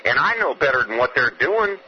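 A man's voice: medium pitch, sing-song, brisk, highs cut off, a little hiss or hum. A man from Georgia, calling in to a radio show with a fiery, profane, emphatic rant. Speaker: caller. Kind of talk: angry phone-in rant.

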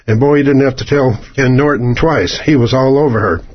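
A man's voice: medium pitch, a little fast. A man delivering a rambling, sarcastic opinion monologue as a radio commentator, drifting between asides. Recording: dull lo-fi radio broadcast.

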